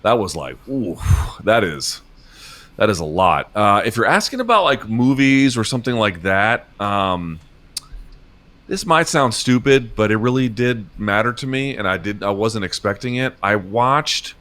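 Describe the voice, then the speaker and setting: Low-voiced rambling man in his forties. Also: animated, pushed and bright. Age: 40s. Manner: rambling, halting, emotional and profane. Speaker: interview guest, MMA journalist. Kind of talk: casual interview chat.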